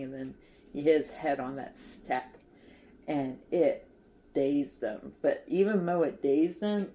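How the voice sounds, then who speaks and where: A woman's voice: sits low, dark tone. A woman casually recapping a movie as a crochet vlogger, chatty and giggly, with lots of fillers.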